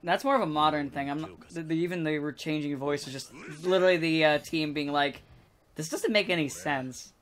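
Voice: medium pitch, brisk, hardly any pauses. A person in casual chat among friends, swearing freely and laughing often.

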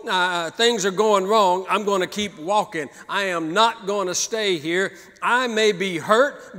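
A male pastor with a high, bright, forceful voice preaches in a church sanctuary. He builds up through repeated calls and lines that climb in intensity. The sound carries a long, echoey hall reverb. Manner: preaching with rising, repeated exhortations. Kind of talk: sermon.

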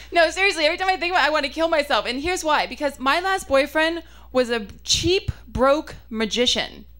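A woman's voice: high-pitched, lively intonation, fairly bright tone. Self-mocking woman doing stand-up. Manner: chatty, self-mocking, punchy delivery with quick asides. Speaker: stand-up comedian. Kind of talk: stand-up comedy set.

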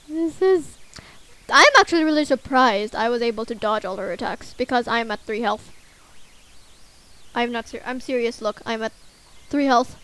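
A young woman hosting a gaming video, reacting emotionally and loudly to what happens in the game. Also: on the high side. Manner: excitable, emotional, shouting at characters. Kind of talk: let's play commentary.

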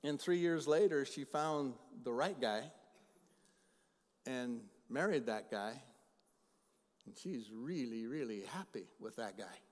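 Man, middle-aged pastor, sermon, loud then hushed, long church reverb. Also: medium pitch, lively intonation, takes it slowly, long pauses. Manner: swings from loud emphatic preaching to quiet storytelling. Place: church sanctuary.

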